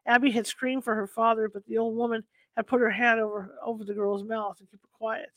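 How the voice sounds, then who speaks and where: A man reading ghost stories aloud at a steady pace, now and then stumbling and correcting himself. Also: sits high, fairly quick, no echo, low-quality recording. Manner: steady reading with occasional slips and self-corrections. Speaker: storyteller.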